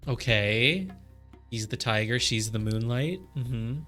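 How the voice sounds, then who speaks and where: A man's voice: medium pitch, slow, pushed and bright, soft background music. A young man streaming a puzzle game live, chatting and puzzling aloud with lots of fillers.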